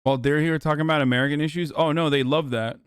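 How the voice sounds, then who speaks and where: A man's voice: on the high side, fairly even intonation, racing, clear, resonant tone, no echo, clean studio sound. A man giving casual live-stream commentary, blunt and offhand and swearing freely, into a desk microphone. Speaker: livestreamer.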